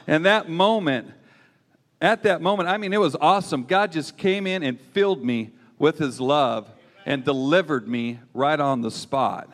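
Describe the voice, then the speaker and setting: A middle-aged man preaches with a folksy, emphatic delivery and tosses in "man" all the time. His voice sits a bit high for a man. It rings with a long reverb, as if he is in a large hall. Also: normal speed, fairly bright tone. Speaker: pastor. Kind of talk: sermon with personal testimony.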